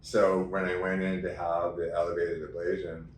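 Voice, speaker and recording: A man as an interview guest, talking in an animated, chatty way and laughing as he tells stories. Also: low-pitched, moderate pace, slight background noise. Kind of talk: casual interview chat. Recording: echoey room, mic at a distance.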